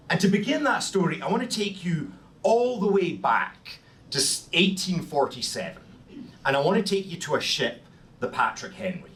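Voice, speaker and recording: A man's voice: a little high, a bit bright. Scottish man lecturing on history. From Scotland. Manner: self-deprecating, frequent ums and restarts. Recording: distant mic in a room with faint noise.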